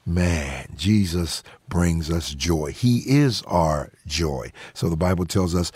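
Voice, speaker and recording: A man's voice: low voice, slow pace, hardly any pauses, darkish tone, slightly rough, no room sound. An older man, a pastor, chatting casually on a radio show and telling stories with chuckles and repeated lines for emphasis.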